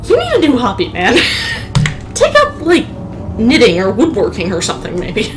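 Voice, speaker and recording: A woman co-hosting a let's play, chatting casually and reading in-game notes aloud in a slow, solemn voice. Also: on the high side, wildly swooping pitch, over music. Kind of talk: casual gameplay chat and read-aloud.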